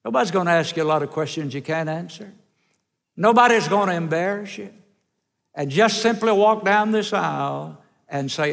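A male traveling evangelist preaching a revival sermon in a church, earnest and storytelling, slowing down for emphasis. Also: high-pitched, creaky, a bit bright. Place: large church sanctuary. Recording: echoey sanctuary with long reverb.

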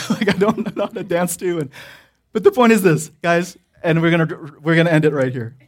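A man's voice: sits high, brisk. A man preaching a sermon in a casual, rambling storytelling way, full of fillers and breaking into laughter. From Korean church background. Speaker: pastor.

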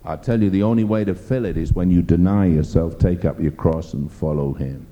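A man's voice: deep voice, a little fast, dark tone, lo-fi sound. A man preaching a sermon, emphatic and rambling as he tells stories. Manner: emphatic, rambling storytelling with fillers.

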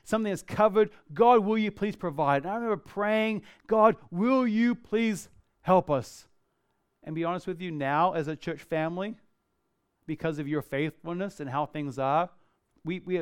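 Animated, high-voiced male pastor preaching. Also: clear, resonant tone, no room sound, studio quality. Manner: animated, swings between loud exclamations and soft, hushed asides. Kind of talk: sermon.

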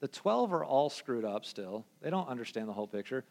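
A young adult male pastor giving a casual, conversational sermon in an animated, slangy way. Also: medium pitch, a little fast, creaky. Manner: animated, slangy, acts out quoted voices.

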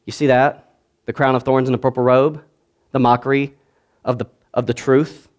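A man preaching a sermon as pastor, swinging between loud declaiming and quiet asides and calling on the congregation to answer back. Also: mid-range voice, level tone, normal speed.

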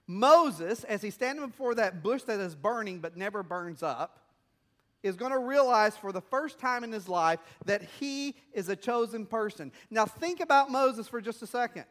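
High-voiced preacher telling stories. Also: male voice, lively intonation, moderate pace, a bit bright. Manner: conversational storytelling with rhetorical questions. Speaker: missionary pastor. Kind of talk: sermon.

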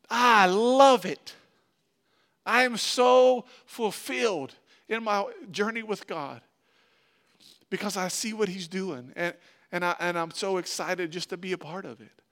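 A man preaching a sermon as a pastor, in a conversational, animated way with frequent restarts. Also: high-pitched.

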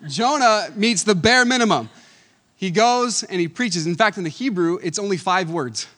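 A male pastor delivering a casual, storytelling sermon in a somewhat high voice. He moves between punchy, raised points and soft, confiding asides, often breaking into a chuckle. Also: moderate pace. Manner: animated, chuckles often, varies between loud emphasis and quiet asides. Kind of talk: conversational Sunday sermon.

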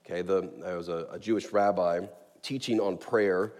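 A man preaching a sermon as a pastor, earnest and emphatic, slowing down to stress key words. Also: low voice, fairly even intonation, darkish tone. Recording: long reverb of a large hall.

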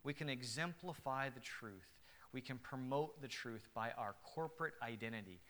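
A male pastor preaching a sermon in an earnest, emphatic way, moving between quiet reflection and loud emphasis. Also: medium pitch, moderate pace.

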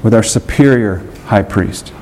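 A man preaching a sermon to his congregation in short phrases, pausing so an interpreter can translate, earnest and repetitive. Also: lowish voice, a little mellow, a little hiss or hum, rough recording. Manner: earnest, repeats himself, pauses for translation. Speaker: pastor. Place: church hall with congregation.

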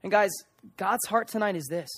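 A man's voice: high-pitched, normal speed, creaky, fairly bright tone. A young man preaching a sermon with passion, acting out the voices of people in the story.

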